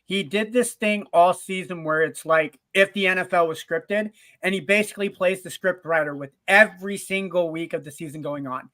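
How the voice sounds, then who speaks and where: An animated man co-hosting a sports podcast, talking in a casual, lively way. His voice sits high and sounds bright. The recording is dry, with no room sound. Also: moderate pace, hardly any pauses, no echo. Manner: animated storyteller, acts out quotes. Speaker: podcast co-host.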